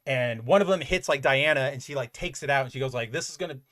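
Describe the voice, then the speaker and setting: A fast-talking man with a mid-range voice hosts a comic book podcast. He goes over an issue in animated, casual chat, saying "like" constantly and cursing without restraint.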